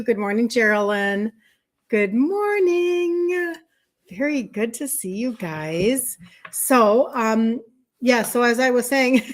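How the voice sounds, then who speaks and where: A middle-aged woman with a Minnesota accent hosts a relaxed livestream. She talks to her viewers in a chatty way, greets them by name, and laughs often. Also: fairly high pitch. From Minnesota, USA. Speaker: health coach hosting a livestream. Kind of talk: casual livestream chat with viewers.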